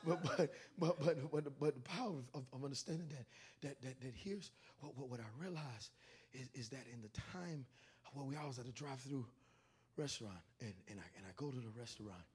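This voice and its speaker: Telling comic stories in his sermon, a male pastor speaks a little fast with a mid-range voice, animated as his stammering restarts swell into shouting.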